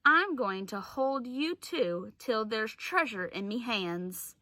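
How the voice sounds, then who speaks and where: A woman voicing a gruff, greedy one-eyed pirate captain in a read-aloud storybook, barking his orders. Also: on the high side, animated, slow pace, bright, forceful tone, no echo, heavily acted.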